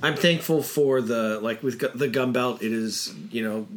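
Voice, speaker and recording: A man's voice: mid-range voice, moderate pace, a crowd in the background. A man hosting a podcast in casual chat, hesitant and trailing off at times. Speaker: podcast host.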